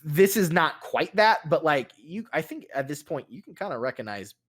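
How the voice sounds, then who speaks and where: A man's voice: fairly high pitch, sing-song, moderate pace, fairly bright tone, husky. Chill guy running a tabletop game, rambly, lots of ums and restarts. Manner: casual, rambling, with many fillers and restarts. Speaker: game master.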